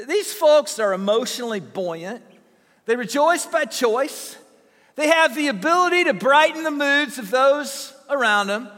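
A man's voice: extremely high pitch, expressive, unhurried, bright, forceful tone, long reverb tail. A pastor from Southern Illinois preaching a sermon, telling folksy, humorous stories to his congregation. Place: church sanctuary.

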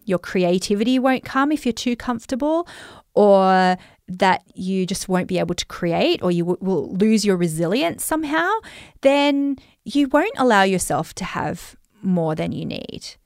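A woman's voice: medium pitch, clean tone, no echo. Chatty Australian woman, dry close sound. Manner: chatty, reflective, lots of fillers. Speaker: money coach. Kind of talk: talking straight to listeners.

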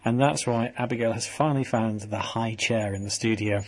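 A man hosts a talk radio show from the studio. His voice is slightly husky, and his talk runs chatty, wry and teasing as he banters with callers and co-hosts. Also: medium pitch, fairly even intonation, brisk. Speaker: radio presenter.

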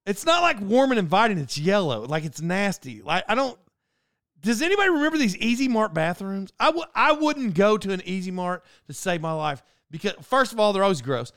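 High, clear-voiced man ranting on a podcast. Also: very animated, brisk, fairly bright tone, no echo, clean studio sound. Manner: digressive and self-interrupting, ranting. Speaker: podcast host. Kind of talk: rambling solo monologue.

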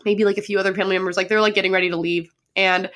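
A woman's voice: mid-range voice, flat delivery, rapid-fire, fairly bright tone. Young female podcast co-host, casual fangirl chat, peppered with "like", slight cold. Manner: gushing, heavy use of "like". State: sick with a sore throat.

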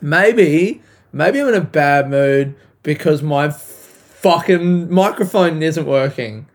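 Young man, podcast host, profane ranting, loud outbursts, slightly high voice, clipping mic. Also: slow. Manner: profane, animated ranting, frequent yelling. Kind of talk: casual solo rant. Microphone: home mic recorded into laptop software, clipping.

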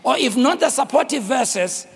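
A man from South Africa preaching a sermon, telling the story dramatically with voices and frequent shouting. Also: very high-pitched, expressive, normal speed, breathy edge, long reverb tail. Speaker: pastor.

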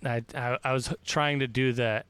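A man's voice: medium pitch, fairly even intonation, normal speed, a bit bright, smooth, no echo. A man co-hosting a casual podcast, laid-back, mostly giving short replies. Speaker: podcast co-host.

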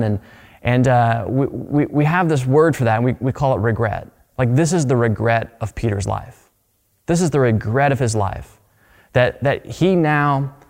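A man's voice: mid-range voice, a little mellow, long reverb tail. A man preaching a sermon as pastor, telling a story earnestly and often repeating words as he restarts phrases.

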